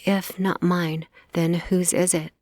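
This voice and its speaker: A woman's voice: on the low side, level tone, slow, darkish tone. A woman voicing a defiant young vampire slayer who speaks sharply.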